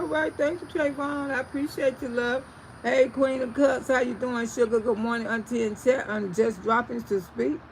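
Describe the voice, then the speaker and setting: A woman's voice: on the high side, slight background noise, rough recording. A woman hosting a casual livestream outdoors, reading viewer comments aloud and calling people sugar and baby, laughing often. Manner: warm endearments, laughs often, animated. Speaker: livestream host. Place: outdoors under a tree.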